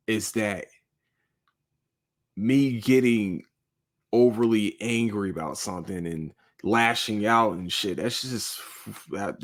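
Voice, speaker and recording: A man with a fairly low, fairly bright voice hosts a solo podcast from a cold room. His casual monologue to listeners is rambling, profane and emotional.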